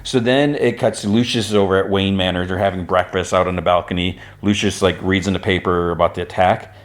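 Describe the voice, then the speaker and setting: A man hosting a podcast, recapping an animated episode in a chatty, rambling way with lots of fillers and restarts. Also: deep voice, brisk. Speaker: podcast host.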